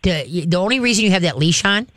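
A fairly high-pitched man gives casual, hands-on dog-training instruction. He is animated and often jumps into excited calls and claps to a dog. His voice is close and dry, with no room echo. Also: quick pace.

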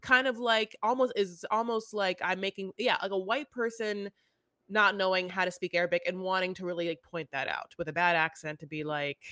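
Animated rambling woman podcaster. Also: mid-range voice, moderate pace, no room sound, clean studio sound. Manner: animated, rambling, restarts a lot. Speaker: podcast co-host. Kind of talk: casual recap chat.

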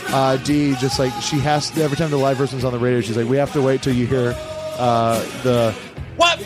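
A man's voice: mid-range voice, flat delivery, a little fast. A man hosting a casual comedy podcast who rambles and fills his talk with uh and like. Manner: rambling, filler-heavy. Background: loud music bed.

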